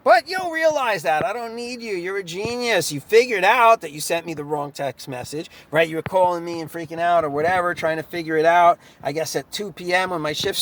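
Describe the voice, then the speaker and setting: A man's voice: on the high side, fairly bright tone. A young man, a chiropractor, in a profane and sarcastic vlog rant, laughing between his lines. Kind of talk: ranting vlog monologue.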